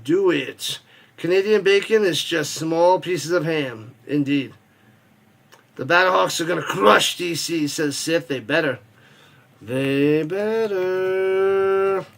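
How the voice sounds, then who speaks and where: Hosting a football watch party stream, a man talks in a fairly bright, higher-pitched voice with vocal fry. His casual chat wanders and jokes around as he reads out messages from chat and handles the play-by-play.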